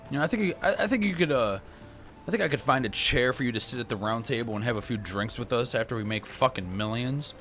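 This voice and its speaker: A man streaming a game live, talking excitably and profanely while he reads game dialogue aloud. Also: medium pitch, fast talker, faint music behind. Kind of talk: live gameplay commentary.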